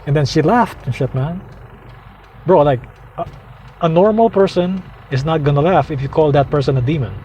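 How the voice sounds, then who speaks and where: Man, profane and heated, ranting straight to camera, voice sits a bit high; loud street traffic underneath. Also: normal speed. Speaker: vlogger. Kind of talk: angry rant to camera. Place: outdoors, heading out to drive. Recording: noisy outdoor traffic.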